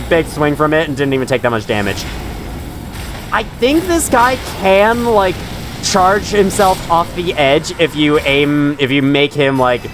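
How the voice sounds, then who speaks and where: A man giving rambling, chatty gameplay commentary, laughing often and talking to enemies on screen. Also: mid-range voice. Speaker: gaming channel host.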